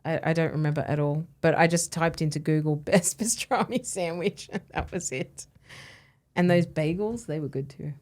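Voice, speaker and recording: An Australian woman chatting casually as a podcast guest, easygoing and quick to laugh. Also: sits low, a little mellow. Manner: easygoing, laughs often, lots of "mm".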